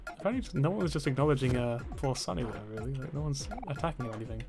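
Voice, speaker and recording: A streamer giving casual gameplay commentary in quiet asides, with swearing and laughing. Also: medium pitch, animated, racing. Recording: game music under the voice.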